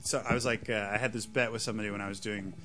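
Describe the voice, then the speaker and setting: A man doing a profane stand-up comedy set with a loud, ranting delivery, after a casual chat. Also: fairly low pitch, fairly even intonation, rapid-fire. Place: green room, then comedy club stage. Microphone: handheld stage microphone. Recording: echoey room with loud noise.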